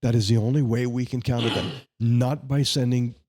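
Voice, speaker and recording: A man with a warm, relaxed voice at a middle pitch. He speaks as a candidate in a podcast interview, pressing his points with indignation and sarcasm. Between arguments he slips into chatty anecdotes. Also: normal speed. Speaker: congressional candidate.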